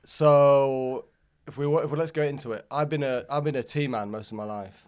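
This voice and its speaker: A man's voice: mid-range voice, fairly even intonation, brisk, darkish tone, smooth. A man, a podcast guest chatting in a rambling, self-deprecating way with frequent giggles. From Scarborough, England. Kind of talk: casual chat.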